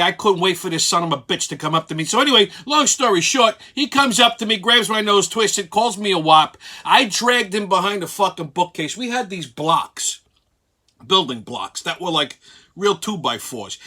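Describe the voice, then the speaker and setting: A man's voice: sits high, bright, forceful tone. A middle-aged man from Brooklyn with a New York accent, hosting a show and telling a profane story in a brash, swaggering way. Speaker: host.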